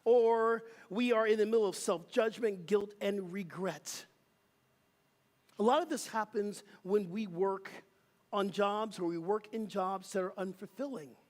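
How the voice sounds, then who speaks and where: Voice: mid-range voice, measured pace, big-room sound. A minister preaching a sermon, emphatic and rhythmic, leading the congregation in call and response. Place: church sanctuary.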